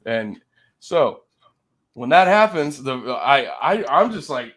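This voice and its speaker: A man in the middle of a story, talking with lively ups and downs in pitch. He swears freely, laughs between phrases, and swings between loud bursts and quiet asides. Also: moderate pace. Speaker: guest telling a story.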